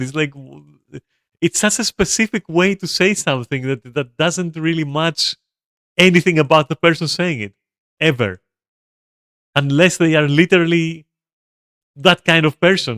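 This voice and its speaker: A man's voice: fairly high pitch, fairly bright tone, no room sound, clean studio sound. A young man streaming a video game, chatting casually to his viewers in a rambling, swearing, laugh-prone way. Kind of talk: casual gameplay commentary to chat.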